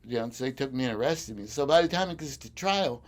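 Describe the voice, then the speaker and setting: A man's voice: mid-range voice, fast. A man with a mid-range voice tells his stories in an oral history interview. He acts out the voices of the people in them and chuckles often as he goes. He is recorded on a recorder sitting on a desk. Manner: animated storyteller who acts out quoted voices; chuckles often while telling. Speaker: farmer interviewee.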